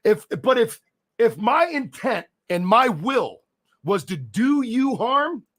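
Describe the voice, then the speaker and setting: A man talks in casual podcast banter and gives his opinions bluntly. He restarts his sentences often as he works toward his point. His voice sits fairly high. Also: big pitch swings, slow, fairly bright tone.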